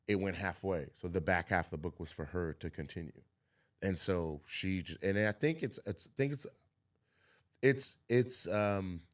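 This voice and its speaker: A man talking in a casual podcast conversation, reflective and halting, restarting his sentences as he thinks. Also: deep voice.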